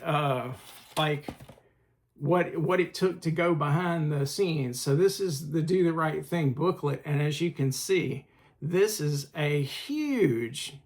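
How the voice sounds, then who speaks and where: A man hosting a casual video review of films, talking in a halting way with many filler pauses and a collector's enthusiasm. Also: fairly high pitch. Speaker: film channel host.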